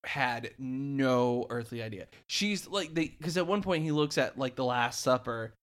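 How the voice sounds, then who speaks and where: Guy co-host, mid-pitched voice, stumbles and restarts a lot. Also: animated, fairly bright tone. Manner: halting, with lots of stammered restarts. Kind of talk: casual chat.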